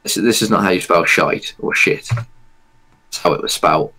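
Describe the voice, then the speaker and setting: A man's voice: low-pitched, unhurried, pushed and bright, slightly rough. A man chatting casually on his stream, sarcastic and laughing often.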